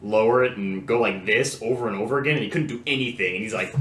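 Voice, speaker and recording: A man's voice: lowish voice, quick pace, fairly bright tone. A young man co-hosting a podcast, telling a rambling story in casual chat, laughing and swearing often. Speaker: podcast co-host. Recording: echoey room, faint background noise.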